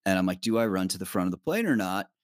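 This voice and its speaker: A man's voice: low voice, expressive, quick pace, no room sound, clean studio sound. A man, a documentary producer guest, telling a loose travel story with fillers and swearing. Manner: loose, profane, many fillers. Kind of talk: casual storytelling chat.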